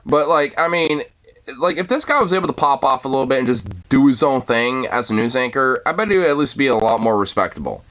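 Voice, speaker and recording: Bright-voiced man ranting casually. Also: medium pitch, animated, fast. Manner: profane, rambling, filler-heavy. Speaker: host. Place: lives in Portland.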